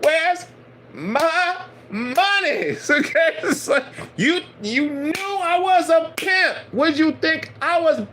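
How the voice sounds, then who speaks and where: An outraged pimp in a sharp falsetto, hollering about his missing money. He sounds incredulous and half-laughing, his voice jumping high. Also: lively intonation, takes it slowly, slight background noise, full character voice. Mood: indignant. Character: angry male pimp demanding his money.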